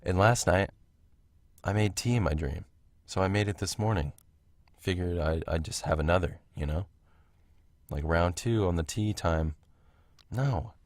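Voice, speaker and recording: Rambling man with a very deep voice. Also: unhurried, pauses often, no echo. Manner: rambling, self-interrupting, laughs at himself. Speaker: podcast host. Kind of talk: casual solo podcast rambling. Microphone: home recording mic.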